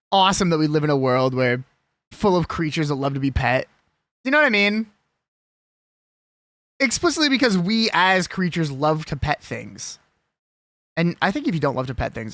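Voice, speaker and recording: Streamer, casual live chat, jokey and combative, animated delivery, dry sound. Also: mid-range voice, dry recording. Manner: ranting, swearing, argumentative; rambling, jokey.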